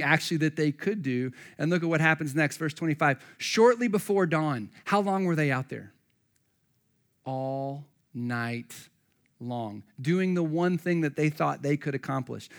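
A man preaching a sermon, reading scripture and acting out the voices of the people in the story. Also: on the high side. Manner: animated, acts out voices of Bible figures. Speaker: pastor.

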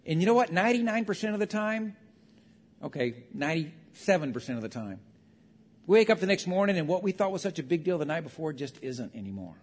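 Male pastor, high pitch, chatty sermon delivery with quoted asides, big reverberant room. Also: very animated, fast talker. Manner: conversational preaching with acted-out quotes. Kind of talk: sermon on marriage. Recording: long reverb of a large hall.

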